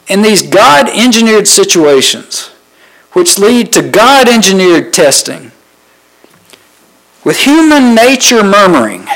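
A man's voice: high voice, fairly bright tone, poor audio. A man preaching a sermon, reading scripture verses and asking the listeners questions, stressing his points with short repeated phrases. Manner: asks the listeners rhetorical questions; emphatic repetition of short phrases.

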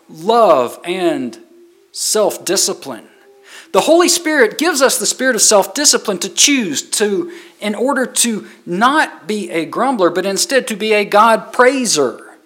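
A man's voice: sits high, a bit bright. A man preaching a sermon as pastor, reading scripture aloud and driving points home with repetition.

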